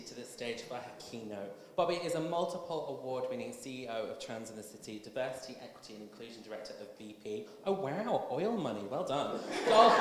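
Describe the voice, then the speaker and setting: A man's voice: mid-range voice, a bit bright. A man hosting an awards show, introducing speakers with wry jokes on stage. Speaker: awards host. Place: stage in a large event hall. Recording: echoey hall with long reverb.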